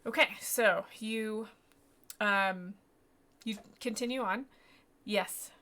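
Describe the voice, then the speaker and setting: A woman's voice: medium pitch, slow pace, sharp tone. A woman narrating as game master of a tabletop game, rambling and self-deprecating, with many fillers and restarts.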